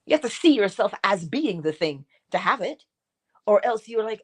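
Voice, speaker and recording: An expressive woman with a slightly rough voice gives a motivational talk as host of a morning inspiration stream. She shifts between high, performed asides and low, gentle remarks, repeating and urging her listeners with drawn-out emphasis.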